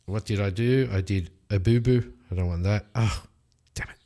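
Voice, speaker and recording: A man's voice: fairly low pitch, normal speed, dark tone. A man narrating a solo tabletop game in a casual, rambling way, often correcting himself.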